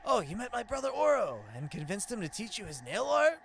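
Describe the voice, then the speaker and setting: A man voicing a gentle old male bug nailmaster who speaks in a calm, measured, reflective way. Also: extremely high pitch, creaky, a little hiss or hum, pitched above the performer's own voice, exaggerated voice.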